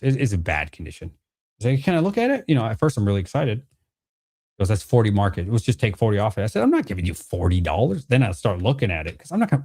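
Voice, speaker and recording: With a lowish, dark-toned voice, an adult card vendor and channel host who has a child recounts a haggling story for his viewers. He swears freely, keeps it casual, and plays both parties in the deal.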